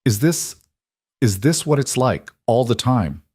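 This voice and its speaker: A man voicing a young woman who asks soft, earnest questions. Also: medium pitch, animated, a little slow, breathy edge, no room sound, clean studio sound. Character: young woman, anxious and direct.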